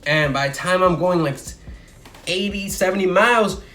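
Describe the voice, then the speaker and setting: A man's voice: sits high, moderate pace, soft background music. A young man from Chicago telling a story casually in a vlog, with many fillers. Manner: casual, filler-heavy, animated retelling.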